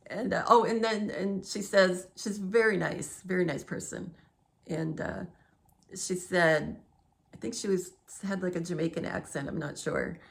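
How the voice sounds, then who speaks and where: A middle-aged woman talks on and on in a loose, casual vlog monologue, drifting from one subject to the next and laughing along the way. Her voice sits fairly low, with a gravelly edge running through it. She speaks from home, chatty and unhurried in her digressions. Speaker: vlogger.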